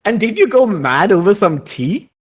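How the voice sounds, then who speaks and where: A man's voice: high-pitched, very animated, moderate pace, husky, voice pushed up, full character voice. Marie Joanne, a gushing sly socialite, as a man puts her on. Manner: gushing, insinuating. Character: gossipy sly noblewoman socialite.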